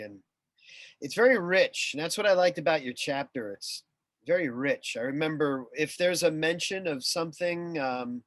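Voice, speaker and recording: A man hosting an interview, speaking in a halting way with many restarts. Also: medium pitch, a bit bright, dry recording. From USA. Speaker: interview host. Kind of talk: casual interview chat.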